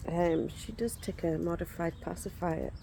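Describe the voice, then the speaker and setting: This forties-aged woman chats casually while showing reborn dolls outdoors in the sun, rambling and stopping to shoo insects. Her low-side voice is gravelly and mellow with a steady tone at normal speed, and a little hiss or hum is present.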